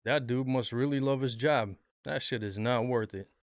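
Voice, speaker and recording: A man's voice: mid-range voice, normal speed, slight background noise. A man hosting a reaction video, giving blunt, profane, mocking commentary on viral clips. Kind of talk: casual commentary.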